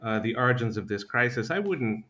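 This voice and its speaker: A man giving analysis as a panel guest, calm and methodical, pausing often with "uh.". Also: medium pitch, slight background noise. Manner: calm, analytical, frequent uh pauses. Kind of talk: discussion panel commentary.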